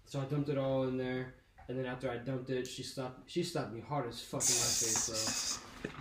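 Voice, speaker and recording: A man's voice: mid-range voice, level tone, normal speed. Profane young man telling a story, echoey room. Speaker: podcast host. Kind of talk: casual storytelling. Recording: echoey room with faint noise.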